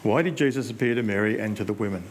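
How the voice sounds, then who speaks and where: Low-voiced pastor telling a story. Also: male voice, a little hiss or hum. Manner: storytelling, conversational, with reflective pauses. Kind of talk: sermon.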